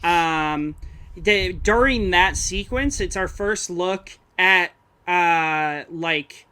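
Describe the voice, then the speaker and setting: Halting, high-voiced young man. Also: pushed and bright, clean tone. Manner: halting, searching for words with many fillers; amused, loose slang. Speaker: film podcast co-host. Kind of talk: casual film discussion.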